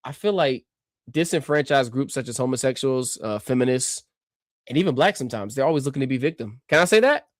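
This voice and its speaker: A man's voice: mid-range voice, animated, a little fast, no room sound, studio quality. A man streaming a reaction to a clip, ranting in a combative, mocking way.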